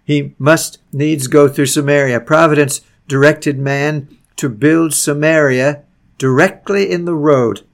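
A man reading an old sermon aloud, preaching earnestly with slow, stretched phrases that sink to a hush at the ends. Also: fairly high pitch, steady tone. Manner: drops to a hushed, soft voice at phrase ends. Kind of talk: read-aloud Victorian sermon.

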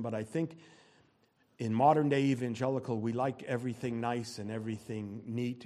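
A man preaching a sermon, swinging between loud, rising exhortation and low, quiet asides.

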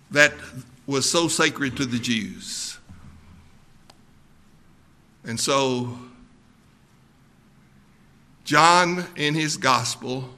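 A man pastor preaching a sermon, slow and emphatic, often repeating words as he builds a point. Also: fairly high pitch, lively intonation, sharp tone.

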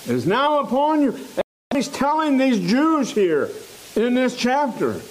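A man preaching a sermon in a church, slow and emphatic, repeating phrases for stress. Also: very high-pitched, sing-song, slight background noise, poor audio.

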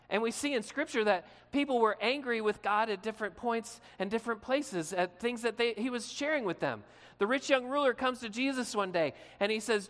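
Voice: mid-range voice, animated, normal speed, a bit bright. Conversational preacher in a reverberant hall. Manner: conversational preaching, asks the listeners questions. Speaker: pastor. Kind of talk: sermon.

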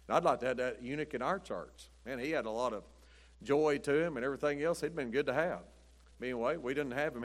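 A man preaching a sermon in a folksy, rambling storytelling way, chuckling often. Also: mid-range voice. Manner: rambling, chuckling, says "but anyway" often.

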